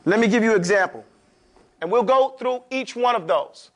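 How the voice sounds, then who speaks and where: Brief: very high-voiced male teacher, drills a class in a classroom, keeps asking if they follow. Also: expressive, moderate pace. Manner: drills pronunciation, checks in with "okay?". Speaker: Quran recitation teacher. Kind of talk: classroom lesson.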